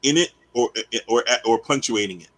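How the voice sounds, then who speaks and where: A man's voice: mid-range voice, lively intonation, normal speed, poor audio. A man in casual chat, joking and playful, with other voices behind him.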